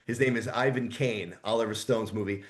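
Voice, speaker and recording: Animated storytelling man in his sixties. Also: lowish voice, brisk. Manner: rambling, animated anecdotes with asides. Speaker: voice actor guest. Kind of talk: casual storytelling interview.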